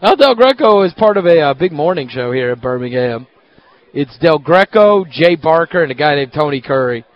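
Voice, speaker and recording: A man hosting a sports radio show, telling stories in an animated, casual way. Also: fairly high pitch, moderate pace, highs cut off. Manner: animated storyteller, excitable. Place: hotel at a media event.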